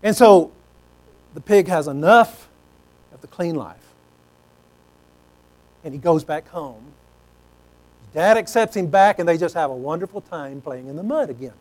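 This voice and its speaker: A male preacher tells a story in a folksy, conversational way. His voice sits high for a man. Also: expressive, a little slow, pauses often, a little mellow, rough recording. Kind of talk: sermon.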